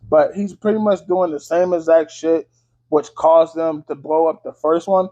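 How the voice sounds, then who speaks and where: A man's voice: a little high, steady tone, normal speed, mellow. A man casually recapping a movie in a loose, slangy, swear-heavy way, full of fillers. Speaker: movie reviewer. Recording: dull lo-fi audio.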